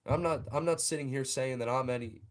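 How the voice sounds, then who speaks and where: Young man, fan show host, heated angry rant, mid pitch. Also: fairly quick. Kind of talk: livestream rant.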